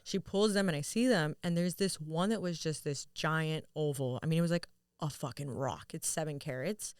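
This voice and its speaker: A young woman guesting on a podcast, telling a story casually and lively, acting out quotes and swearing freely. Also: sits low, normal speed, smooth, dry recording, studio quality. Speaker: podcast guest, jewelry store owner.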